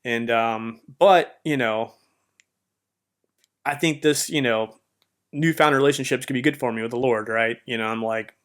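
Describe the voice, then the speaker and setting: Man, podcast host, faith testimony, casual and rambling, heartfelt, mid pitch. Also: normal speed, long pauses, a bit bright. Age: adult with a marriage behind him. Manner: rambling, heartfelt, heavy use of fillers like "man" and "you know".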